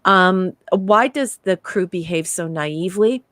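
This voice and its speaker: A woman co-hosting a casual review podcast, animated and laughing often as she reads from her notes. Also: on the low side, a little slow, no echo, clean studio sound. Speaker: podcast co-host.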